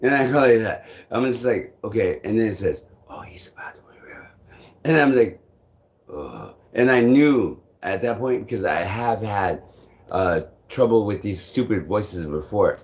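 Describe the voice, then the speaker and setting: Rambling, slightly low-voiced male vlogger. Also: normal speed. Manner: meandering, repeats "I'm like", swears freely, chuckles often. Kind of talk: casual rambling storytelling.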